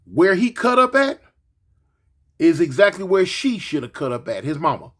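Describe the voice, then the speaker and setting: A man in his forties, a grandfather, tells a story in a casual monologue, his voice sitting high at a normal speed. He's animated, acting out the quotes and repeating words.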